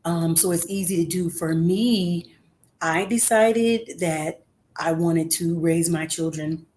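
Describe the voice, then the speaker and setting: A woman's voice: lowish voice, takes it slowly, a little mellow. A middle-aged woman, a guest singer, talking casually in an interview over a remote call, earnest and encouraging with frequent filler words.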